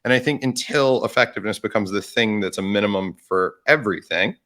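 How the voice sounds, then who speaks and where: Measured, thoughtful podcast man. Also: lowish voice, fairly bright tone. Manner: thoughtful, hedging with "I think" and restarts. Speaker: podcast co-host. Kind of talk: casual podcast chat.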